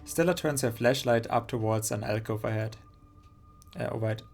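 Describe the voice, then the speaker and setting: A man's voice: mid-range voice, normal speed, creaky, a little mellow. Man streaming a story game, music behind. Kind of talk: reading a narrative game aloud with commentary.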